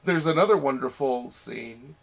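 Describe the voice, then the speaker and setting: Gravelly man stating film trivia. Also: mid-range voice, normal speed. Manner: emphatic, correcting with film trivia. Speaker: podcast co-host. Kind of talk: casual movie review chat.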